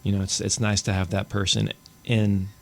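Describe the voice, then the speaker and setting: Low, gravelly-voiced man hosting a podcast. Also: little pitch movement, moderate pace, darkish tone. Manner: joking, laughs often. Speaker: podcast host. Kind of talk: casual podcast chat.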